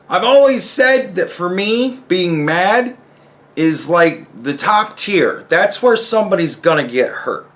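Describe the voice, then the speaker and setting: New guy ranting into his vlog, swears a lot, kinda high bright tense voice. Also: sing-song, moderate pace. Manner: profane, heated, rambling. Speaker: vlogger. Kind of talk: angry personal rant.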